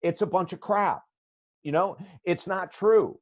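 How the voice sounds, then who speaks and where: A man's voice: high-pitched, measured pace, a little mellow. A man in his sixties, a guest life coach telling a story in a podcast interview, blunt and emphatic.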